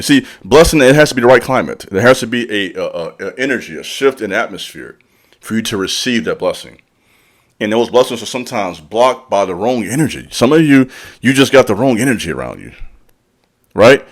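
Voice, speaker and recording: A man's voice: lowish voice, sing-song, moderate pace, pauses often. Man preaching a blunt pep talk. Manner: preachy, direct, calls out the listener; casual street slang, repeats lines for emphasis. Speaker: channel host and spiritual speaker. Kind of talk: motivational monologue.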